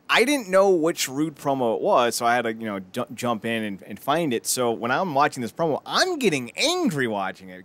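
A man co-hosting a casual podcast chat, his pitch swinging widely as he talks. He gets animated and bursts into loud impressions when quoting others. His voice sits in a middle register. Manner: animated, acts out quotes with loud outbursts. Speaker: podcast co-host.

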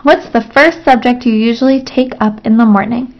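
A woman reading the part of a small male mouse acting as schoolteacher, brisk and offhand, on a lo-fi recording. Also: on the high side, close to an everyday voice.

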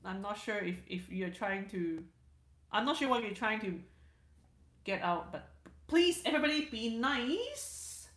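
A woman's voice: mid-range voice, lively intonation, a little slow, a bit bright, echoey room. A woman hosting a casual livestream, reading viewer comments aloud in a chatty way, repeating words and restarting sentences. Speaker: livestream host.

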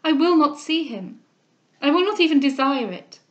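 A woman's voice: high-pitched, expressive, normal speed, highs cut off, pitched above the performer's own voice. A woman reading the part of a distressed young heiress, emotional and pleading.

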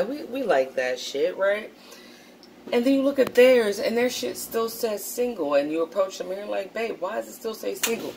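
A woman's voice: deep voice, a little mellow, a little hiss or hum. A woman hosting a casual vlog, talking straight to her viewers. She is blunt and swears a lot, and she acts out quotes in a raised voice. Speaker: channel host.

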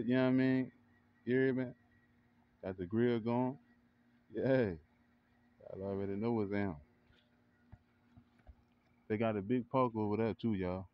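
A man vlogging casually in a backyard, hyping up what he sees with excited cheers and frequent laughs. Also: on the low side, smooth, dull audio. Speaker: vlogger and kennel owner. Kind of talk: casual hype commentary. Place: outdoor backyard by a grill.

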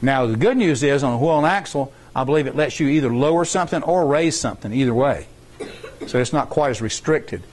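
A man's voice: medium pitch, lively intonation, a little fast, a little mellow, slight background noise. A middle-aged man, explaining rules to students in an informal, rambling workshop style and repeating points for emphasis. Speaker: science competition workshop instructor.

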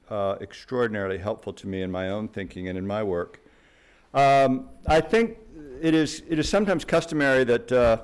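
Lawyer guy on a panel, smooth resonant voice, talks slow and halting with lots of restarts. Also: medium pitch. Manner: measured, hesitant, many restarts. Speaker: panelist, litigator. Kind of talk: academic panel talk. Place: lecture hall.

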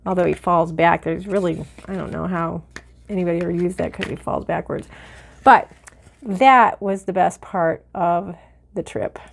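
A middle-aged woman chatting excitedly while she shows off her finds and opens mail, a little teary-eyed. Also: on the low side, normal speed, vocal fry. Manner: chatty and excitable, with many fillers. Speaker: vlogger. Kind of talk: casual haul and mail-opening chat.

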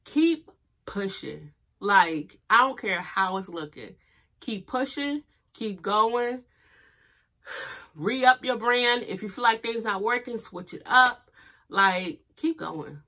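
A woman's voice: medium pitch, slow. A young woman vlogging about her small business, teary and emotional, speaking in fervent motivational declarations. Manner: animated and expressive, many fillers. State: teary from crying. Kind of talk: casual heartfelt talk to camera.

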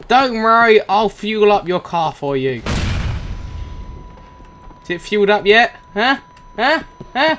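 Excitable male let's-play commentator, lively pitch swings, music bed behind. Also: a little slow, long pauses. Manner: excitable, jokey, bursts into shouts. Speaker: gaming commentator. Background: game music.

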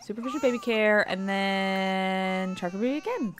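A woman's voice: medium pitch, normal speed, a little hiss or hum. A woman streamer giving casual gameplay commentary, exasperated and swearing, with muttered asides.

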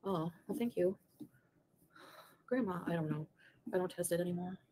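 A woman's voice: on the low side, normal speed, warm tone, slight background noise. A woman on a played livestream clip, rambling and greeting viewers by name. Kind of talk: chatty livestream talk to viewers.

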